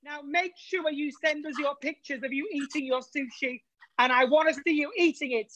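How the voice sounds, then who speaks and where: A woman's voice: sits high, steady tone, normal speed, a bit bright. A woman co-hosting a live cooking show over a video call, chatty and playfully teasing her partner. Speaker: co-host.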